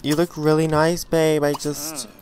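A man hosting a let's play, giving chatty, excitable gameplay commentary and swearing freely. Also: on the high side, unhurried.

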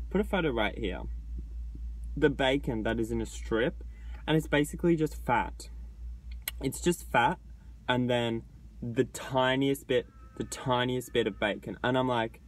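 A man's voice: medium pitch, darkish tone, poor audio. A man vlogging in a casual chat, complaining bluntly and sarcastically and swearing freely.

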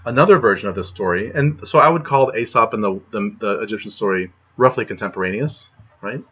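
A man's voice: lowish voice, a little fast, fairly bright tone, breathy edge. A young man giving a casual lecture from home, chatty, with frequent "right?" and "like" and filler sounds. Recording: muffled lo-fi recording.

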